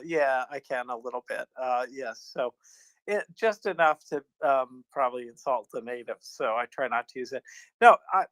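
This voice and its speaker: A man's voice: a little high, a bit bright, dry recording, rough recording. Rambling self-mocking American man. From United States. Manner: rambling, self-deprecating storyteller. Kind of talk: casual chat.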